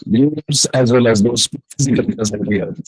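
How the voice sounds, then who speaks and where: A man's voice: mid-range voice, brisk, a little mellow, husky, no echo, rough recording. Formal man with a dry, close sound.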